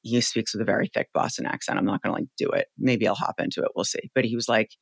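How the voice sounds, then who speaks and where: A woman in her forties with a very deep voice, telling stories as a guest in an animated, emphatic, casual way. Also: fast talker, creaky, slightly rough, dry recording. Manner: animated, emphatic, salty storytelling with "like" fillers. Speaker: podcast guest, company founder. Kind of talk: casual interview chat.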